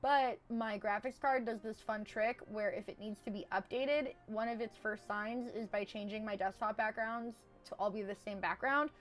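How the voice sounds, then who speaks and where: A young woman with a high-pitched, squeaky voice, chatting casually and rambling on a live stream, swinging between loud and hushed. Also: moderate pace, few pauses. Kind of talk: casual chat.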